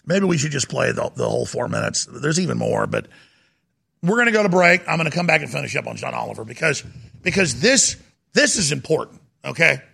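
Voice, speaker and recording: A middle-aged man hosting a talk show, ranting and mocking, sometimes rising to a shout. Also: fairly high pitch, sing-song, brisk, creaky, breathy edge. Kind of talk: heated political talk show monologue.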